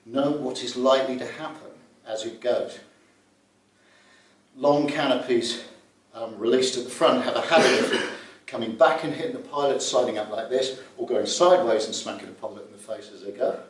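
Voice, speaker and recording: Recorded from a distance in an echoey room, a middle-aged glider pilot talks safety with fellow pilots, using vivid anecdotes and acted-out scenes. His mid-range voice moves at a moderate pace with fairly even intonation.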